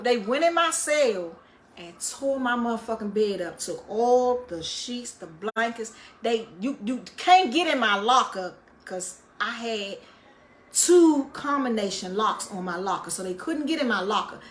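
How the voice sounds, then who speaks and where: A woman telling a story in a casual monologue, animated and full of profanity, acting out the dialogue she quotes. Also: medium pitch, a little hiss or hum. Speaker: storyteller recounting prison life.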